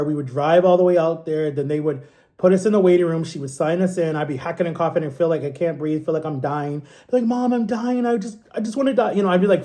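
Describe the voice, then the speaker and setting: A man in his thirties tells a story casually. His voice sits high but has a mellow, dark tone. He keeps it animated and jumps up in pitch to act out what people said. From Ohio, USA. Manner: animated, acts out quotes in a higher voice. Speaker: vlogger.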